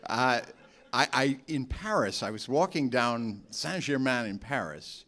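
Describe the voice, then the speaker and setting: A man's voice: mid-range voice, measured pace. A man, an actor guest, telling anecdotes in casual talk and laughing often. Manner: laughs often, animated storyteller.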